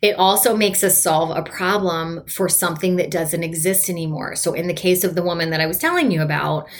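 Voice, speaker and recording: A woman's voice: fairly low pitch, a little fast. A woman in her forties, a coach hosting her own podcast, talking to listeners in an upbeat, enthusiastic, chatty way. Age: 40s. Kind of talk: solo motivational podcast talk.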